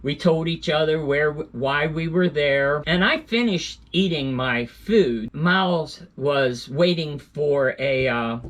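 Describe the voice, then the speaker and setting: A man's voice: fairly high pitch, fairly bright tone. A man telling a casual travel story as a vlogger, rambling with fillers and self-corrections.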